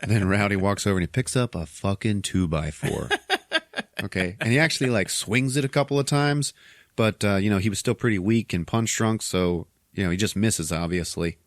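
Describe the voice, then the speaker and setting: A man with a deep, low voice recaps a film scene by scene on his podcast. He swears freely and chuckles as he goes. The recording is dry and close. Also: moderate pace, dry recording. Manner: profane, chuckling, animated retelling. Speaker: podcast host. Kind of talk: casual movie recap.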